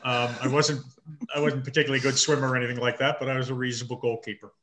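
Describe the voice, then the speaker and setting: A man in his fifties, a marathon swimmer interviewed over a video call, talking with halting restarts and dry understated humor. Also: mid-range voice, flat delivery, a bit bright, a little hiss or hum. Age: 50s. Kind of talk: casual interview chat.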